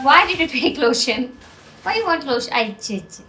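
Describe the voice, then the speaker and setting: A woman's voice: high-pitched, expressive, normal speed, background noise. A young woman with an Indian English accent, chatting casually to viewers in a home vlog while coaxing her toddler around the house and garden. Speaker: vlogger and mother.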